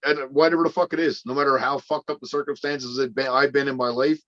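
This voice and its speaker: A man telling rough stories in a casual livestream chat, rambling and swearing heavily. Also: medium pitch, flat delivery, fast, a bit bright, no echo. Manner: rambling, heavy swearing, blunt storytelling. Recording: dry, slightly dull call audio.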